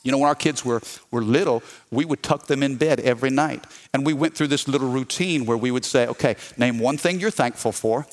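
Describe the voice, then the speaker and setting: A man, lively and calling for amens. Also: mid-range voice, fairly quick, few pauses. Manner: lively preaching with call-and-response. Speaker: pastor. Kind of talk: sermon.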